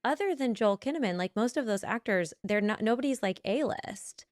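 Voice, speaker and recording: A woman's voice: a little high, lively intonation, fairly quick, no echo, studio quality. A woman in her thirties hosting a podcast, chatting with a guest enthusiastically and asking leading questions. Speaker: podcast host, actress. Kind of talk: casual interview chat.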